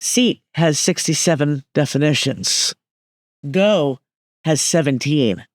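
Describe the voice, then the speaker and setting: A woman's voice: deep voice, lively intonation, slow, no room sound, studio quality. A woman speaking as a medium guest on a podcast, explaining emphatically and often checking that listeners follow.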